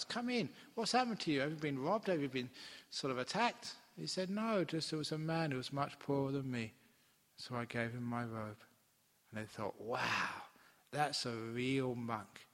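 A Buddhist monk with a mid-range, fairly bright voice tells a teaching story during a dharma talk in an easy, chatty way. He slips into his characters' voices as he goes, and a long reverb from the large hall trails his words.

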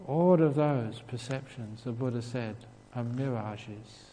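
A man's voice: mid-range voice, takes it slowly, dark tone, a little hiss or hum. An English man giving a Buddhist dharma talk, telling stories with humour and frequent chuckles. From England. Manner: humorous storytelling with frequent chuckles. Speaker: Buddhist monk teacher. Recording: reverberant hall with faint ambience.

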